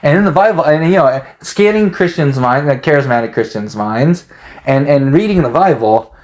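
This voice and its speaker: A man's voice: on the high side, animated, moderate pace, a little mellow. A man talking in a rambling, hesitant monologue, full of fillers and restarts. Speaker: podcast host.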